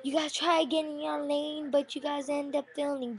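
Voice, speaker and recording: Woman with a high voice, talking trash in a mock diss, brash and taunting. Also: level tone, normal speed.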